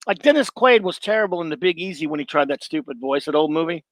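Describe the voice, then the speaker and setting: Higher-voiced middle-aged man, blunt. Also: lively intonation, fast talker, no room sound. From Louisiana. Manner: blunt and opinionated, rambling with restarts. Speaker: show host. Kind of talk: casual live-show monologue, answering chat.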